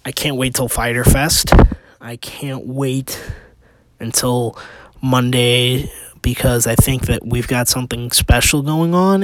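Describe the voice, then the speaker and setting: A man's voice: medium pitch, no room sound. A man hosting a casual opinion podcast, rambling with restarts and rhetorical questions, sounding exasperated. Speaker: podcast host.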